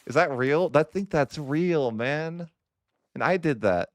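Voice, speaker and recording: A man's voice: fairly high pitch, expressive, slow pace, no echo. A young man commentating his own strategy game session, exasperated and whiny with a sarcastic streak. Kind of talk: frustrated gameplay commentary.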